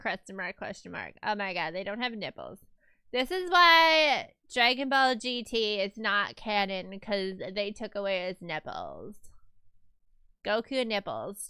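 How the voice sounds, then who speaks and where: A bright, crisp-voiced woman streaming live, chatting with her viewers as she draws. Her pitch leaps around in an animated, playful way, and she laughs easily and reacts loudly to comments. The sound is close and dry on a desk microphone. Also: no echo. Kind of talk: casual live-stream chat while drawing.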